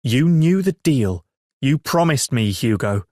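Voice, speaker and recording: A woman's voice: extremely low pitch, expressive, moderate pace, no echo, voice pushed up. A man voicing an exasperated mother who scolds her young son sharply, in a dry, close audiobook reading. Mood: stern.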